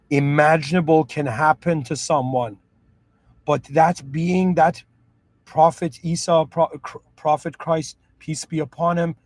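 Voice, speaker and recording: Casting: earnest man, slightly high voice, reflective monologue, frequent restarts, dry mic. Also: dry recording. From moved to Canada at seven. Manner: earnest, restarts often, asks "do you understand?". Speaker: podcast host.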